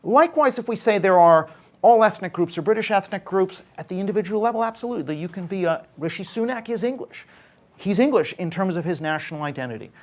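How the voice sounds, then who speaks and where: A man's voice: high voice, lively intonation, fast talker. A man giving a public talk as a panel speaker, explaining earnestly and often correcting himself mid-sentence. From Canada. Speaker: panel speaker, social scientist. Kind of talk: public talk at a debate event.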